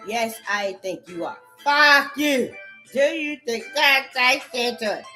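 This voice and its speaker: A woman with a high, bright voice runs through an erratic rant, swearing over and over. She jumps from sharp shouts down to muttering. Faint music plays behind her. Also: expressive, a little slow. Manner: erratic, repetitive, swearing constantly, swinging between shouts and mutters. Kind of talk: profane stream-of-consciousness rant.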